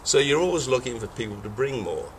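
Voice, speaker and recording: A man's voice: medium pitch, lively intonation, quick pace, fairly bright tone, slight background noise. An older man, a film director, answering interview questions in rambling talk with frequent restarts and self-corrections. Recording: voice from a distance from the mic.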